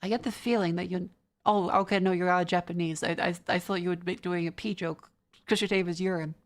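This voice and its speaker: A young Australian woman streaming, chatting casually and reading her chat aloud with quick restarts. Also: on the low side, steady tone. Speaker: vtuber streamer.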